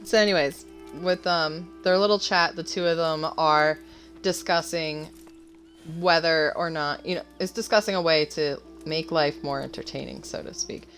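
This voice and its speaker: A woman's voice: low-pitched, steady tone, normal speed, fairly bright tone, soft background music. A woman author chatting casually about her story while gaming, nervous and rambling with lots of fillers and restarts. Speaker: author and co-host.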